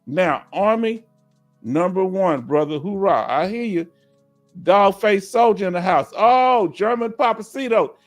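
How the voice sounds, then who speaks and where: A man's voice: high voice, lively intonation, unhurried, faint music behind. A man from Houston, Texas with a Southern accent, hosting a casual live question-and-answer stream for veterans and reading viewer comments aloud. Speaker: livestream host for veterans.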